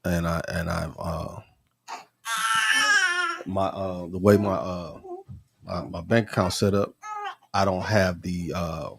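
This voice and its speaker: A man's voice: low voice, fairly even intonation, slow pace, creaky, pauses often. A man appearing as a guest on a talk show, speaking hesitantly and stopping often on fillers. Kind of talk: casual talk show chat. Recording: crowd noise behind.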